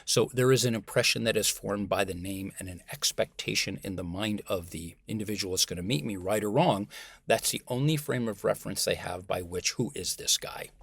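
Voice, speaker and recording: An American man, a communication professor, talking as a guest in a conversational interview, animated and emphatic. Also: fairly low pitch, a little fast, creaky, husky, no echo. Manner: animated and emphatic, acts out example voices.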